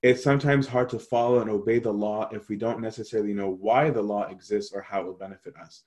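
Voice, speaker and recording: A man teaching a Bible study, answering questions in an animated way and often checking in with "right?". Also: fairly low pitch, fast talker.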